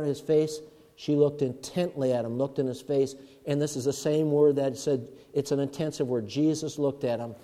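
A male preacher giving a sermon, swinging from loud emphatic bursts to hushed murmurs. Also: medium pitch. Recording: long reverb of a large hall.

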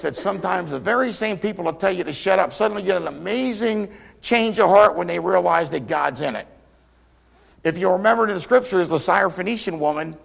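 A man preaching a sermon, retelling scripture stories dramatically and voicing the people in them, swinging from loud cries to near whispers. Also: high-pitched, vocal fry. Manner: dramatic storytelling, acting out quotes with big swings in volume.

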